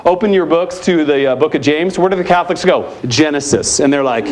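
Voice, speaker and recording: A man in a conference center hall, delivering a lively keynote with punchy emphasis. His voice sits a bit high for a man. He challenges the room with one pointed rhetorical question after another. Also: fairly quick, few pauses, a loud crowd. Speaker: keynote speaker at a youth ministry conference. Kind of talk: live conference talk.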